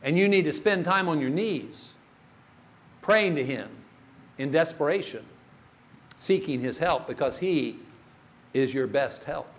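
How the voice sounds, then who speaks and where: Older man, preacher, sermon in a church, storytelling, questions to the congregation, slightly high voice. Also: expressive, unhurried, pauses often.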